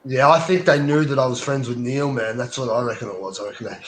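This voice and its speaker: Australian male, mid pitch, rapid slangy storyteller, echoey room. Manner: quick, slangy, peppered with "buddy". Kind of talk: casual chat. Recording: roomy with faint background noise.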